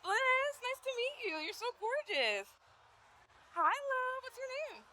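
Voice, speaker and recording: A woman's voice: very high-pitched, big pitch swings, measured pace, pushed and bright. A young woman teaching posing on a stage before a live audience, upbeat and encouraging as she cheers on volunteers through a handheld mic. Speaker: posing coach.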